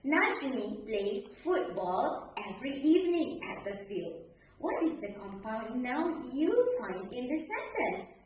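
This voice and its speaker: A woman teaching an English grammar lesson to pupils, speaking slowly and clearly in a sing-song way. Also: sits high, sing-song. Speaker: primary school English teacher. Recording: echoey room, distant mic, faint noise.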